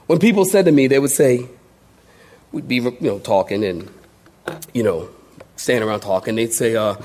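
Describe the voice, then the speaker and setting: A man's voice: mid-range voice, lively intonation, unhurried, pauses often, darkish tone. A middle-aged man preaching as a pastor, telling stories with playful impressions of the people in them. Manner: storytelling with playful impressions and laughter. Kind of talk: sermon.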